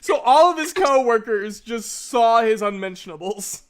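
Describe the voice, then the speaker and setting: A woman's voice: fairly high pitch, expressive, heavy background noise. A woman narrating a tabletop game as game master, joking with her players and laughing often. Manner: unhurried, laughs often and playful. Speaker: dungeon master.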